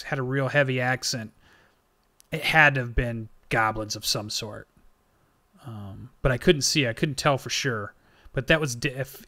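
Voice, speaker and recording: A man's voice: medium pitch, bright, forceful tone, close to an everyday voice. A man doing a rattled little gnome forester. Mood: uneasy. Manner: stammering, anxious. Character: small male gnome forester, frightened and shaken.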